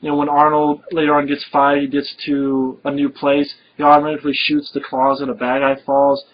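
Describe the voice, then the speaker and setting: A man with a slightly high voice chats casually about a film he loves, rambling eagerly and piling up fillers. His tone is loose and excited. The audio is muffled and lo-fi. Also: a little fast, slight background noise. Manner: enthusiastic and rambling, with frequent fillers and laughs. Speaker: film reviewer. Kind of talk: casual film review chat. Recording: dull lo-fi recording.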